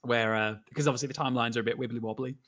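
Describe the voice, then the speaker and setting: Man, mid pitch, lively storyteller, acts out bits with laughter. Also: very fast. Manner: animated storytelling, acts out characters. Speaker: co-host, animator. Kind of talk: casual chat.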